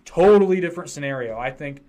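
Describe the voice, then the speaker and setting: A man's voice: fairly high pitch, expressive, fast talker, darkish tone. A man from the United States hosting a podcast, talking in a rambling, opinionated way with restarts. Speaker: podcast host. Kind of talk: casual podcast chat.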